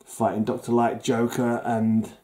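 A man with a mellow, darkish voice at an ordinary pitch chats casually through his comic book collection. He is easily amused and chuckles often while he talks. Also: monotone, measured pace.

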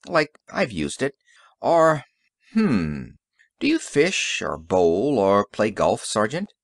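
A man voicing a calm, confident inventor in an audiobook, speaking briskly and matter-of-factly. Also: lowish voice, gravelly, no room sound, studio quality, full character voice. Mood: assured. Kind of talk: audiobook character reading.

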